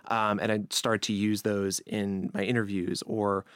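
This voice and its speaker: A man from Long Island with a faint accent, talking casually as a podcast guest, relaxed and chatty with frequent restarts. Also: fairly low pitch, unhurried, clear, resonant tone, dry recording, studio quality. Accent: light Long Island. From New York, Long Island. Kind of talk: conversational interview.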